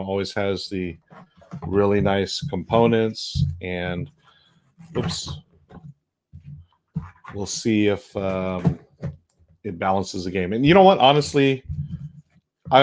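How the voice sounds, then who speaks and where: A man's voice: lowish voice, fairly bright tone. Chatty man hosting a live unboxing. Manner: chatty, rambling, with frequent restarts and fillers. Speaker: board game streamer and host. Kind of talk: casual live-stream unboxing chat.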